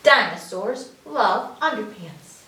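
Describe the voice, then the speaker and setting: Animated sing-song children's librarian. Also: female voice, medium pitch, slow pace, a little hiss or hum. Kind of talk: story time read-aloud for children. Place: library room. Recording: roomy echo, mic far off.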